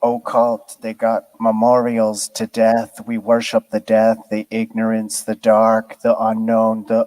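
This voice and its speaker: A man speaking slowly in sweeping, preachy pronouncements during a casual online voice chat. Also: on the low side, monotone, a little mellow, no echo, low-quality recording. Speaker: chat room participant.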